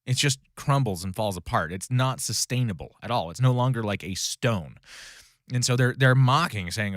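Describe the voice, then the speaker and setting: A man's voice: mid-range voice, moderate pace, fairly bright tone, no echo, clean studio sound. A man teaching a casual Bible study, talking through a passage conversationally with frequent fillers, self-corrections and "right?" check-ins.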